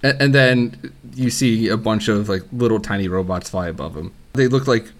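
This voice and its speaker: A man's voice: lowish voice, moderate pace. A man narrating as game master in a matter-of-fact way.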